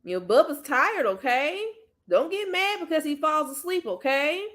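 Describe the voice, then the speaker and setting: A woman hosting a casual livestream, gently coaxing and soothing a child, then chatting easily with her viewers. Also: high-pitched, expressive, measured pace. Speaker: livestream host and mother.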